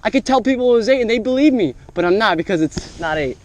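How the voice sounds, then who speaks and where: Man, fishing vlogger, high-pitched, enthusiastic, exclaiming, outdoors by the water, action-camera mic. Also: expressive, quick pace. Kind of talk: casual running commentary while fishing.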